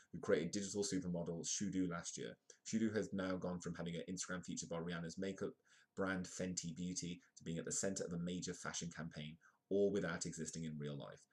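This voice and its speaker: A man hosting a live comedic news show, reading articles aloud and breaking off into rambling, self-correcting asides. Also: deep voice.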